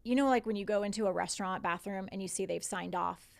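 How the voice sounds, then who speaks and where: A woman in her forties recounts events as a podcast guest in a casual, animated way. Her voice carries a gravelly fry at a middle pitch. She often slips into quoting others and swears freely. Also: fast talker. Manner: animated retelling with quoted dialogue and swearing. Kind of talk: casual storytelling in conversation.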